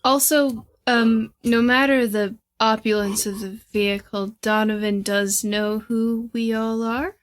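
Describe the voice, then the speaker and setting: A woman's voice: a little high, fairly even intonation, unhurried, hardly any pauses, slight background noise. A woman playing a tabletop role-playing game, chatting casually and giggling often. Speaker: player.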